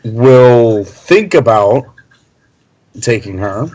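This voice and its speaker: A man at a tabletop game, narrating his character's moves hesitantly. He talks slowly at a middle pitch. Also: lively intonation, a little mellow, rough recording. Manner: hesitant, many "um"s. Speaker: player.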